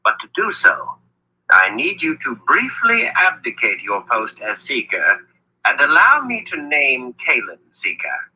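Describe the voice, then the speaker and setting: A man voicing an impish, sly old male wizard, with a husky voice, in an audiobook reading. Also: mid-range voice, wildly swooping pitch, unhurried, pushed and bright, voice pushed up, exaggerated voice, low-quality recording.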